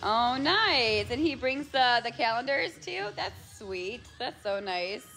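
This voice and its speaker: A woman hosting a relaxed livestream from home, answering viewer comments in an easy, unhurried way. She laughs often, and faint music plays underneath. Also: fairly high pitch. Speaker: livestream host. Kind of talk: casual livestream chat with viewers. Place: home with a loud TV nearby.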